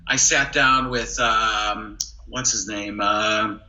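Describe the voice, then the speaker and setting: A male comedian and impressionist chatting on a podcast, lively and quick to slip into impressions. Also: fairly low pitch, muffled recording. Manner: animated, jumps into brief celebrity impressions. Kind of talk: casual podcast chat with quick impression demos.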